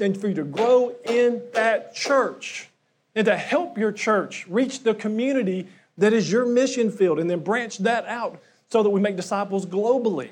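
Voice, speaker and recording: A man's voice: high voice, moderate pace. A middle-aged man preaching a sermon to his congregation in a conversational way, often asking them questions. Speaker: pastor.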